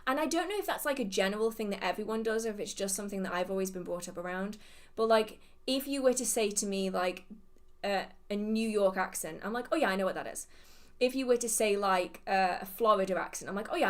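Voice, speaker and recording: English woman, rp accent, rambly live q&a host going off on tangents, middling pitch. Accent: English, modern received pronunciation. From England. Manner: rambling, thinks aloud and goes off on tangents. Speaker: witchcraft channel host. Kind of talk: live Q&A chat.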